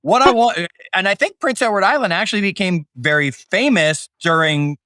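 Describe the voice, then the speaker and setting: A man's voice: high voice, normal speed, sharp tone, dry recording, studio quality. A middle-aged man hosting a podcast, opening the show with a hyped, jokey delivery and then interviewing his guest. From Canada. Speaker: podcast host. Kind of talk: upbeat podcast intro and interview.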